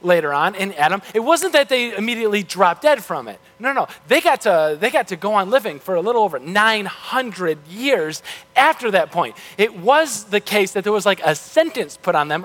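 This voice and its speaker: A man's voice: high-pitched, fairly bright tone, big-room sound. A male pastor giving a sermon in a loose, conversational way with frequent restarts, heard in a church. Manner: casual, conversational, self-correcting.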